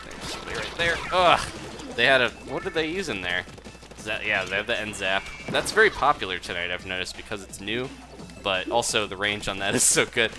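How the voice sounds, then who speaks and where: A man's voice: lowish voice, expressive, brisk. Chatty man streaming a game. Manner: chatty, laughs often, reads chat aloud. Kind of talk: live gameplay commentary. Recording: game music behind voice. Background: game music.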